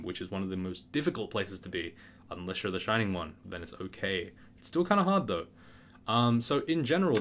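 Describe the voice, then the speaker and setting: A young man with a somewhat low voice hosts a gaming channel and talks casually. He tells stories with animation, swears freely and acts out each scene. Keyboard typing sounds behind him. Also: slight background noise. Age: young adult. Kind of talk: casual storytelling and game commentary.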